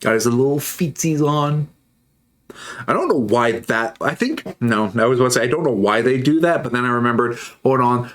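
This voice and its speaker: A male streamer assembles models on stream while talking casually, rambling, joking and pausing to answer messages from his chat. He has a mid-range voice.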